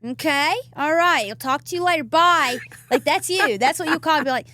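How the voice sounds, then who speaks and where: A woman with a Southern US accent impersonating a brash, bossy woman lawyer who fires off orders in quick, clipped commands. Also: high-pitched, pitched above the performer's own voice. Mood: bossy, teasing. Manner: rapid-fire commanding, loud and clipped.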